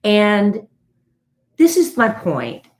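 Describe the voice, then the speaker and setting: A woman's voice: medium pitch, wildly swooping pitch, very slow. A woman co-hosting a podcast, chatting casually and telling celebrity gossip like a story. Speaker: podcast co-host. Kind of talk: casual chat.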